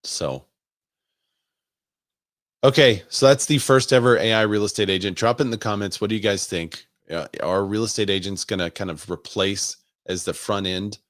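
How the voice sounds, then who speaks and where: A man's voice: on the low side, moderate pace, no echo, clean studio sound. A man who works as a real estate agent, hosting a casual live stream and thinking aloud as he asks viewers for their opinions.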